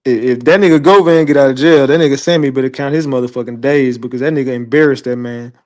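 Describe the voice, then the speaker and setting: A man hosting an online show, giving casual livestream commentary in an animated, profane, laughing storyteller's way. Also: mid-range voice, fast talker.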